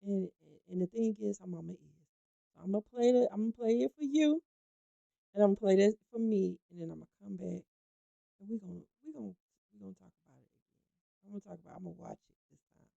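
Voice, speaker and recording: A woman's voice: medium pitch, quick pace, vocal fry, long pauses, dark tone, dry recording, lo-fi sound. A woman hosting a gossip talk show, chatting emphatically and speaking straight to her viewers. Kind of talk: animated gossip commentary.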